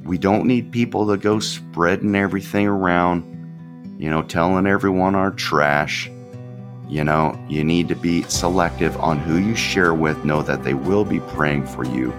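A man with a very low voice talks through an unscripted devotional as a pastor hosting his own show. He speaks candidly and conversationally, circling back to repeat his phrases. Soft guitar plays faintly underneath. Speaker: podcast pastor.

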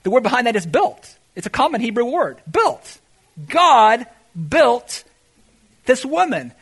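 A man preaching a sermon as pastor, animated, swinging between shouted exclamations and quiet asides. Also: very high-pitched, unhurried, creaky, slightly rough.

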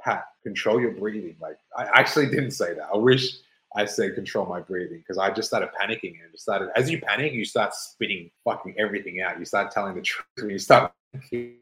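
A man in his thirties tells a personal story with a rambling, animated flow. He swears freely and slips into acted-out quotes. His voice sits a bit low and carries a roomy echo. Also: brisk. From Melbourne, Australia.

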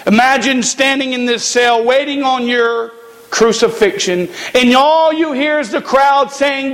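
A man preaching a sermon in a church, slow and emphatic with dramatic pauses. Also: very high-pitched, fairly bright tone, in a large hall. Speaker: pastor.

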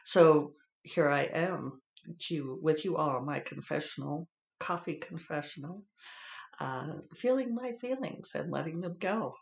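A man's voice: on the high side, measured pace, creaky. Man, podcast host, tearful and rambling in a chatty monologue, recorded in an echoey room. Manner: rambling, with many fillers and restarts. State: teary, emotional. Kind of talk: casual solo podcast monologue.

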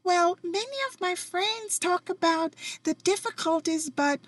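A woman doing a bright, sing-song older aunt, endlessly cheerful and doting. The voice floats up high above her own and lilts sweetly through every phrase, recorded close and dry. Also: a little slow, dry recording. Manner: bubbly, sing-song, affectionate.

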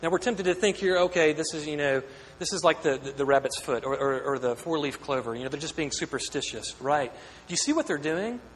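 Talking briskly with hardly any pauses, a pastor with a fairly high voice delivers an earnest, questioning sermon, repeating words frequently to build his point. The recording comes from an echoey hall with long reverb and a faint hum.

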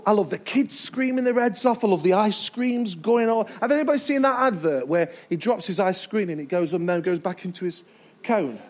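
A man's voice: high voice, lively intonation, fairly quick, a little mellow. A man preaching a sermon to a live congregation, emphatic and stretching key words as he draws in the crowd. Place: church before a live congregation.

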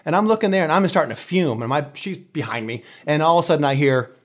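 A man chatting casually and telling a story in an animated, loud, excitable way. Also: on the high side, quick pace.

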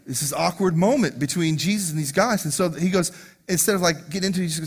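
A man preaching a sermon as lead pastor, animated and conversational, acting out scenes in quiet asides. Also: a little high, fast, slightly rough.

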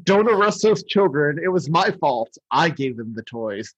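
A man's voice: fairly high pitch, sing-song, normal speed, a bit bright, breathy edge, dry recording, highs cut off, exaggerated voice. A man voicing a kind male toymaker from a holiday cartoon, pleading earnestly.

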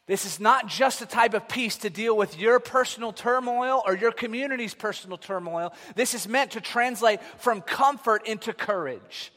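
A man in his thirties preaching a sermon, telling stories in an animated way that swings from loud to hushed. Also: high-pitched, normal speed, few pauses. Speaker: pastor. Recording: long reverb of a large hall.

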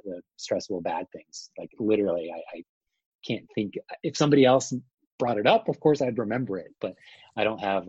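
A man with a husky, slightly breathy voice talks about his work as a wedding photographer in a loose, rambling way, full of "like" and "you know". The sound is dry and a little dull, as if from a modest mic. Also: fairly low pitch, darkish tone, no echo. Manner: rambling, lots of fillers, acts out quotes. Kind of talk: casual interview chat.

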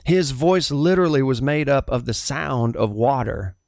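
A middle-aged man with a Southern US accent shares a personal testimony as a pastor. His voice sits in an ordinary middle pitch. He speaks earnestly, with halting restarts, in a dry, close recording. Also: expressive, creaky, no room sound.

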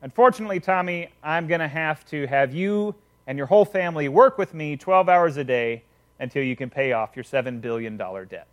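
A man's voice: fairly high pitch, brisk, highs cut off, close to an everyday voice. A man voicing a wealthy, stern king in a retold parable, demanding and outraged.

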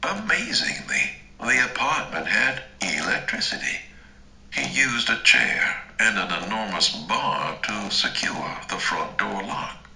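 A man narrating a first-person story in a slow, dramatic, deliberate way. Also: on the low side, big pitch swings, vocal fry, sharp tone, reverberant, poor audio. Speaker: audiobook narrator.

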